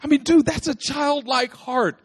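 A man preaching a lively, humorous sermon, repeating phrases for emphasis and calling out to his listeners. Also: extremely high pitch, unhurried. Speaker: pastor.

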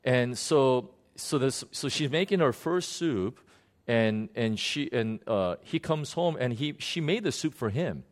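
A man telling a personal ministry story unscripted, earnest and halting, often restarting and repeating words. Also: mid-range voice, lively intonation. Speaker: minister recounting a prayer session.

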